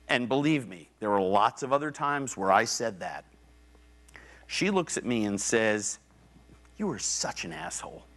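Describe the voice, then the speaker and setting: A man's voice: mid-range voice, a bit bright. Blunt storytelling man giving a lecture. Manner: conversational storytelling, acts out quoted voices; blunt, swears casually. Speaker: public lecturer. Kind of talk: public lecture. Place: university theater.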